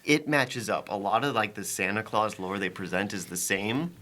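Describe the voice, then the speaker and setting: A man co-hosting a podcast, chatting casually about a movie, rambling and animated, often breaking off to restart a thought. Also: lowish voice, normal speed. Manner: rambling, animated, self-interrupting. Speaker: podcast co-host. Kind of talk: casual movie review chat.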